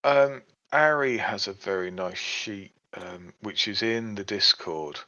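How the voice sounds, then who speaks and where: A male podcast co-host talks slowly in a lowish voice with a bright, forceful tone. He explains things step by step during a casual conversation stuffed with fillers, and the recording has a dull lo-fi sound.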